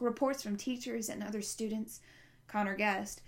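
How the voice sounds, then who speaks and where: A woman reads a novel aloud in a steady, even voice of ordinary middle height. Now and then she stumbles and corrects herself with small slips. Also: mid-range voice, normal speed. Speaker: audiobook narrator.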